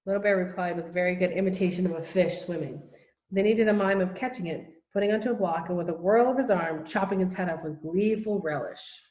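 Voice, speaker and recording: Woman reading a storybook, lowish voice. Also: a little fast, darkish tone, reverberant, highs cut off. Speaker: audiobook reader. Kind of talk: storybook narration.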